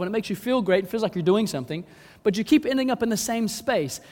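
Man, pastor, sermon, high lively voice, dramatic, acts out pleas, long hall reverb. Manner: dramatic, acts out pleading voices, swings from hushed to loud.

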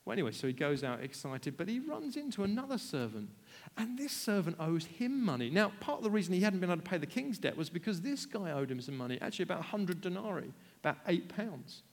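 Animated preacher, high-pitched. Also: male voice, fast. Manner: animated, conversational, self-deprecating. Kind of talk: storytelling sermon. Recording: long hall reverb.

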